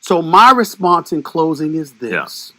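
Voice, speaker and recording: A man delivering an impassioned, sarcastic sports commentary rant, swinging between shouted outbursts and hushed mockery. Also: a little high, wildly swooping pitch, measured pace, dry recording. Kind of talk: televised sports debate rant.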